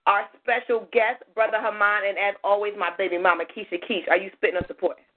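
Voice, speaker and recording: A woman hosting a call-in radio show, chatty and lively, thanking callers and a little hoarse from losing her voice. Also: medium pitch, fast. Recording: tinny phone-line audio.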